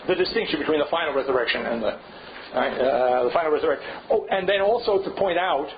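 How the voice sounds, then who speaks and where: The dull, lo-fi classroom recording captures an older man giving an informal seminar lecture, digressing as he thinks aloud and often adding a rhetorical "right?". His voice is fairly high and animated, and he talks at a quick pace.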